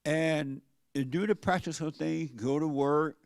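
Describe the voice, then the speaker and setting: A man's voice: on the high side, takes it slowly, creaky, no room sound. An older man preaching a sermon in a plain-spoken, folksy way, asking his listeners questions. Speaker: pastor.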